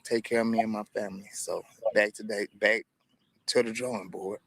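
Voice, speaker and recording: A tearful man with a breaking voice, speaking haltingly in a news interview outdoors at a storm-wrecked site. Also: lowish voice, steady tone, a bit bright, rough recording. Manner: halting, hesitant, repeats words. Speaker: tornado survivor interviewed on scene.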